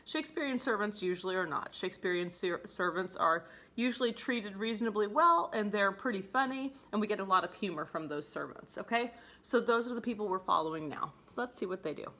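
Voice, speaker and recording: A woman's voice: mid-range voice, fairly quick, pushed and bright. A woman teacher explaining a play in a chatty way, laughing often and saying "like" and "okay?" a lot. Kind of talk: casual classroom explanation.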